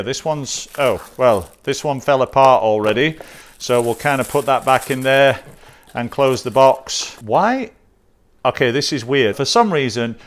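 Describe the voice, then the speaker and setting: A man hosting his own watch channel, chatting enthusiastically through a casual unboxing. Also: medium pitch.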